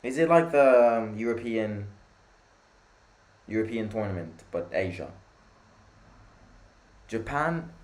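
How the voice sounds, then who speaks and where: A young Italian man hosting a live football watchalong, chatting with viewers and reacting loudly to the play. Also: lowish voice, animated, takes it slowly, long pauses. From Italy. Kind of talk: live match watchalong commentary.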